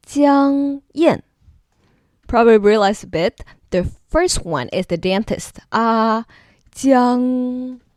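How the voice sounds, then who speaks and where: A woman's voice: medium pitch, no room sound, clean studio sound. A woman hosting a casual explainer video, playfully demonstrating pronunciation with exaggerated examples. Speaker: video host teaching name pronunciation.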